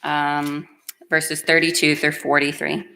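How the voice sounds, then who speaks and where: A woman with a low voice delivers a sermon in a church. She reads scripture and then speaks from the heart, earnest and plainspoken, letting emotion show. She sounds middle-aged. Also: monotone, slow, vocal fry, sharp tone. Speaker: preacher.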